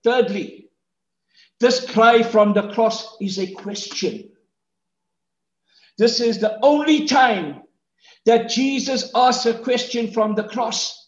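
A high-voiced male preacher delivering a sermon at an unhurried, deliberate pace. He is rhetorical and emphatic, climbing to loud shouts on key points. The recording is echoey and a little muffled. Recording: echoey, slightly muffled room.

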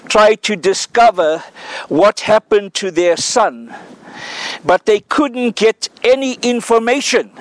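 A male pastor delivers a sermon with a notably high voice and an unhurried, deliberate pace. He tells an illustrative story earnestly and then builds to emphatic, repeated declarations, the way a preacher speaks to a congregation in church. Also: poor audio.

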